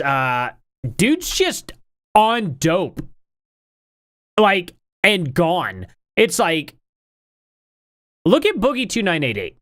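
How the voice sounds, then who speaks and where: Lively, rambling male commentator. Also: fairly high pitch, dry recording, studio quality. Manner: rambling, opinionated and incredulous. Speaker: online commentary streamer. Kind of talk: casual commentary.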